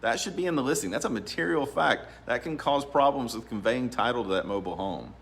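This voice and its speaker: A man's voice: mid-range voice, fairly quick, gravelly. A man, an attorney giving casual, rambling advice and laughing often. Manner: relaxed, rambling, laughs often, many ums. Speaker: real estate attorney. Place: law office.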